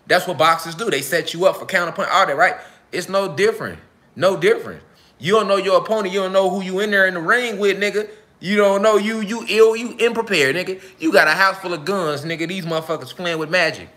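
A man's voice: high voice, fairly quick, pushed and bright. A man giving an unscripted live speech to his followers, heated and profane, with lots of repetition and street slang. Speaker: self-styled spiritual speaker.

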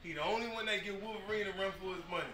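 A man's voice: high voice, very fast. Emphatic man speaking in an echoey hall. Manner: emphatic, storytelling, repeats phrases, builds to shouting. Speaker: speaker at a youth football ceremony. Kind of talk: impassioned speech to an audience. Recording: echoey room, speaker far from mic, noisy.

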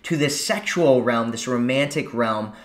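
A man's voice: medium pitch, a little slow, reverberant. A man giving casual dating advice, chatty, often acting out quoted lines in a lifted voice. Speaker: dating coach. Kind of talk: casual advice talk to camera.

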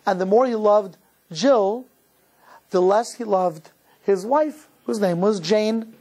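A rabbi from Cleveland, Ohio, giving a sermon as he tells a story in a measured way, with many restarts. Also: sits high, warm tone.

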